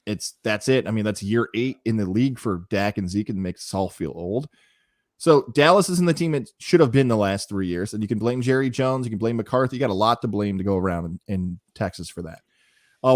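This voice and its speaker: A man's voice: medium pitch, a little mellow, no echo, clean studio sound. A man co-hosting a sports podcast, talking through team predictions with opinions and the odd mock quote. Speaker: podcast co-host. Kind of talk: casual sports chat and analysis.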